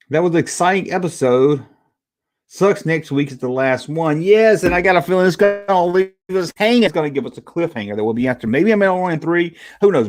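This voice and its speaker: A man's voice: on the high side, a little mellow. A man hosting a casual livestream review, rambling and reading viewer chat aloud. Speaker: livestream host.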